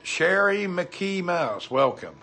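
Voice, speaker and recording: Speaking slowly, this Southern-accented man hosts a casual livestream where he reads viewer comments and greets people by name with folksy charm. His voice is high and bright, with big swings in pitch and a forceful tone.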